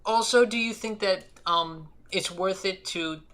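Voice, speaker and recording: High, bright-voiced young male caller. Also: unhurried, clear, resonant tone. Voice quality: high light voice often mistaken for a woman's. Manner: nervous, earnest, easily flustered. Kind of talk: casual call-in chat.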